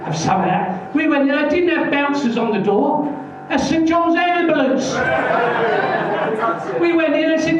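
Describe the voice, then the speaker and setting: A man doing stand-up, telling a joke and acting out both sides of the exchange. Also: very high voice. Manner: brisk joke-teller voicing his exchanges. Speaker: stand-up comedian. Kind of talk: stand-up comedy. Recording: echoey muffled club from far off, music.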